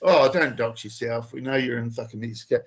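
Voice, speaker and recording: A man's voice: medium pitch, brisk, husky. A man hosting a call-in livestream, sarcastic and profane in mock-serious banter. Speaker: livestream host. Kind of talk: casual call-in stream banter.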